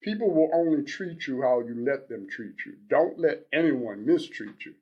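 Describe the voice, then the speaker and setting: A man in his sixties reading aloud as an older male advice columnist, blunt and earnest, in a measured, preachy delivery. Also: medium pitch, lively intonation, husky, dull audio. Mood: advising. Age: 60s.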